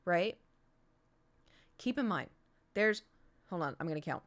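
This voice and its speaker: Animated young woman telling a story. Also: on the low side, a little slow. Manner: animated, acts out quoted voices. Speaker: streamer. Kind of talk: casual storytelling.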